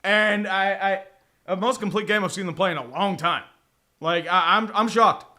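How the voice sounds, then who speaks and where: A man's voice: sits high, normal speed, pushed and bright. A man streaming a football watch-along, chatting casually and profanely, with bursts of mock play-by-play calls. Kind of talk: casual live game commentary.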